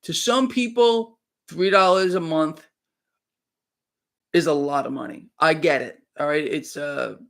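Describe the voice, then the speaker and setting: A man's voice: on the high side, a little slow, vocal fry, fairly bright tone. A man talking fervently on a live stream, emphatic and repeating himself. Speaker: online commentator.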